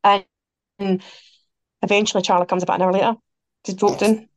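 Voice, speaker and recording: Scottish woman guest spinning animated anecdotes; middle pitch, dry close-mic sound. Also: a little fast, no room sound, highs cut off. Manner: animated, quotes people, laughs through her stories. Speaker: podcast guest. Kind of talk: anecdotal storytelling chat.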